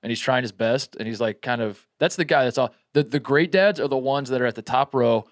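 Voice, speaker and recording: A man's voice: mid-range voice, brisk, dry recording, clean studio sound. A man co-hosting a podcast, chatting casually about sports with jokes and many restarts. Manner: rambling, many restarts, jokey. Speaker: podcast co-host.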